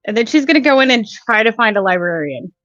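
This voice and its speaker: A woman's voice: fairly high pitch, lively intonation, quick pace, a bit bright, no echo, muffled recording, soft background music. A woman playing in a tabletop game, talking in a chatty, rambling way full of fillers. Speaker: player. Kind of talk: casual tabletop play.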